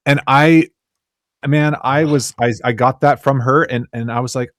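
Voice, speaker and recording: A man in his forties, an interview guest who tells earnest, animated stories about his work and often repeats words when he gets excited. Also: medium pitch, normal speed, dry recording, studio quality. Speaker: interview guest, children's cartoon creator. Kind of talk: casual interview storytelling.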